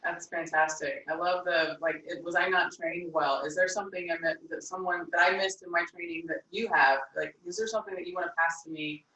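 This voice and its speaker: Woman host, crisp bright tone, far from the mic in an echoey room, encouraging. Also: lowish voice, fairly even intonation, fairly quick, few pauses. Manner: encouraging, short affirmations. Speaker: podcast host. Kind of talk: casual interview. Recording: roomy, distant mic.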